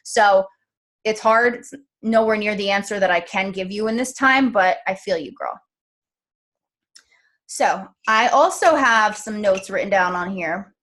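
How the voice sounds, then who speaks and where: A woman's voice: mid-range voice, a little slow, fairly bright tone. A woman in her thirties hosting a casual live stream, talking straight to her viewers in a chatty, encouraging way. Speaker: host.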